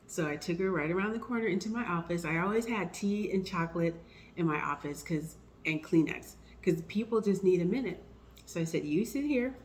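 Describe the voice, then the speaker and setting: A woman vlogging about encouragement and faith, telling personal stories and getting animated when she quotes herself. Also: lowish voice, a little hiss or hum, poor audio. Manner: warm storytelling, animated when quoting herself.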